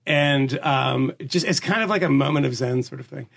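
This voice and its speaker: A man's voice: mid-range voice, moderate pace, a bit bright. A man co-hosting a podcast in casual chat, joking and laughing as he talks. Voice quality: gravelly, husky. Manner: joking, laughs while talking. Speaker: podcast co-host.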